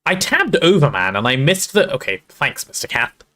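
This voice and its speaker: A man livestreams himself reading a novel, giving it an expressive, storytelling treatment and making casual side comments to his audience. His pitch is medium and his speed is normal.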